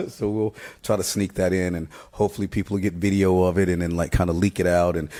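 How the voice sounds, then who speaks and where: A man in his fifties, a band singer, chatting casually in an interview, relaxed, halting with fillers and often laughing. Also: low voice. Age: 50s.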